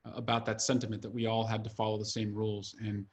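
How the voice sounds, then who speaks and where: A man's voice: lowish voice, monotone, fast, husky. Man talking earnestly on a video call. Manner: frequent "uh" fillers, earnest and fluent. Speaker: author and congressman guest. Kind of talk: conversational interview over video call.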